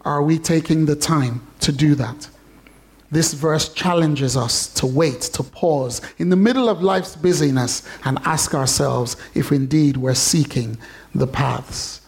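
A man preaching a sermon, telling a story with rising excitement and often repeating his words. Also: on the high side.

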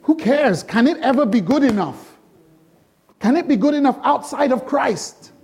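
A middle-aged male pastor preaching a sermon, asking the congregation repeated rhetorical questions and moving between slow, emphatic lines and quick bursts. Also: extremely high pitch, expressive, creaky, a little mellow.

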